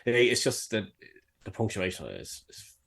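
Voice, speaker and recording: A man with a fairly low voice co-hosts a casual podcast. He laughs constantly and swears freely. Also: huge pitch swings, normal speed, vocal fry, a bit bright, slightly rough. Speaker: podcast co-host.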